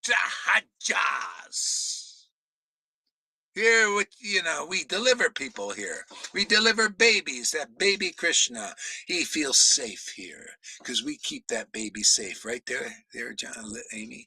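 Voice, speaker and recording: A man preaching with fire, shouting in bursts, then dropping to a mutter, swearing often. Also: fairly high pitch, sing-song, slow pace, vocal fry, husky, no echo, poor audio. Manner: swings from shouting to muttering, profane. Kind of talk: fiery devotional preaching.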